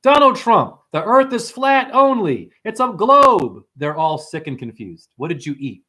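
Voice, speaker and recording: A man hosting a livestream and ranting preachily at his viewers, swinging between hushed asides and loud outbursts. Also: high voice, sing-song, measured pace. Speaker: livestream host and numerology teacher.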